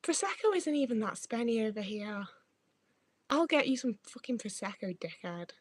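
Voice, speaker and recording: A woman's voice: fairly high pitch, very animated, normal speed, no echo. Sweary chatty Northwest English woman. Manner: chatty, sweary, self-mocking. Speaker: streamer. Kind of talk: casual livestream chat with viewers. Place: her own home.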